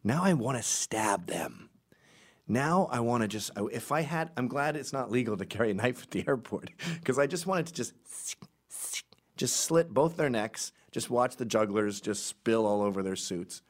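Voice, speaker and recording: A man's voice: medium pitch, animated, moderate pace. Brash man telling a rambling comic story.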